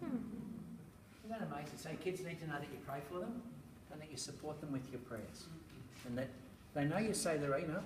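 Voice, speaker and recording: A middle-aged man gives a talk on raising children, spinning anecdotes and tossing in rhetorical asides with a chuckle. He is picked up from some distance in an echoey room, and steady noise sits under his voice. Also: fairly high pitch, fairly quick. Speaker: speaker on parenting, school educator. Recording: roomy, distant, noisy room recording.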